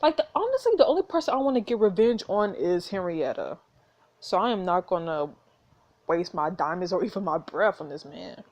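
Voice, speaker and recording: A young woman reading a story game aloud and reacting in a blunt, excitable way, often laughing. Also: fairly low pitch, normal speed. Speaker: gaming YouTuber.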